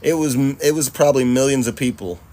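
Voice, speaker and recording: A laid-back livestream host from Charlotte, North Carolina, talks fast in a medium-pitched voice while reading viewer comments. He's loose and profane, calls his audience y'all, and laughs easily and often.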